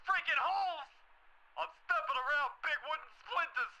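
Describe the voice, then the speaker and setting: A man's voice: very high-pitched, normal speed, pushed and bright, highs cut off, a little hiss or hum, heavily acted. A man voicing an anxious caller on a hotline in a game, pleading and then frantic.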